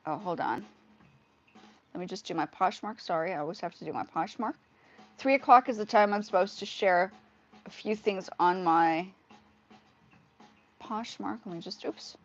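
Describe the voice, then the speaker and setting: A woman's voice: medium pitch, moderate pace, pauses often. A woman hosting a casual music livestream, chatting to her viewers and often restarting her phrases, recorded on a headphone mic. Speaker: livestream host composing music. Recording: slightly dull audio with music behind. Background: faint music playing.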